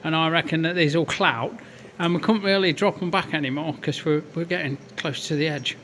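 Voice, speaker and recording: A man with a slightly hoarse voice gives chatty, sweary commentary while working at a lathe in his workshop, full of self-mocking asides. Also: a little high, a little fast, a bit bright, a little hiss or hum. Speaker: workshop fabricator.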